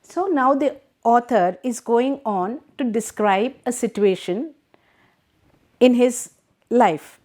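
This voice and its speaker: Middle-aged Indian English woman teacher, unhurried and patient, explains line by line, slightly high pitch. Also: a little mellow. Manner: slow, patient, asks rhetorical questions. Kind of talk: classroom lesson reading and explaining a text.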